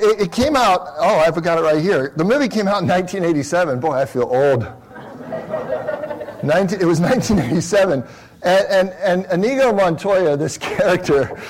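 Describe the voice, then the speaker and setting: A man's voice: on the high side, a little mellow. A man preaching a sermon in a small church, talking casually and conversationally with many repeated restarts. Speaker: pastor.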